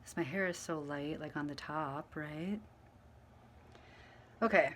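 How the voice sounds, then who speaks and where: Rambling woman vlogger, soft and chatty. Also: deep voice, takes it slowly, slight background noise. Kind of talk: casual storytelling to camera while dyeing her hair.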